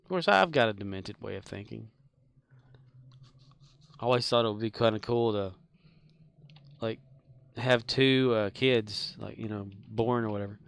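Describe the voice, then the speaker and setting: A man's voice: fairly low pitch, unhurried, gravelly, pauses often, clear, resonant tone. A man chatting casually on a live game stream, rambling with lots of fillers. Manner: rambling, filler-heavy, laughs at his own jokes. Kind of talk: casual live-stream chat while gaming.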